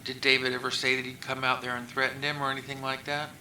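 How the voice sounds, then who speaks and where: A man's voice: mid-range voice, completely flat delivery, fast, bright, forceful tone. A man questioning a witness in a recorded police interview, asking short, matter-of-fact questions. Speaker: investigator. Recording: echoey room recording, faint hiss.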